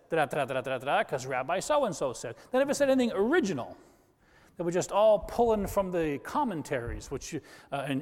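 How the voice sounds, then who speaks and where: A man preaching a sermon as pastor, with animated delivery, quick asides and voices for the people he quotes. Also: a little high, in a large hall.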